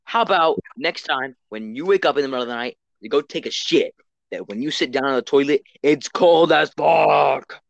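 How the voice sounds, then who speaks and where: A man's voice: mid-range voice, lively intonation, fast talker, a bit bright, dry recording. Teen boy podcaster, casual rambling chatter, dry, slightly muffled recording. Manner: rambling, swears a lot, trails off and restarts. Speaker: podcast co-host. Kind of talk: casual chat.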